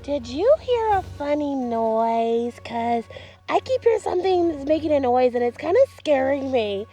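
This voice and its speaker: A woman's voice: high voice, lively intonation, moderate pace, dark tone, soft background music. A woman voicing a timid, grumbling toy dinosaur friend in a toy play story, sounding reluctant and complaining. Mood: nervous.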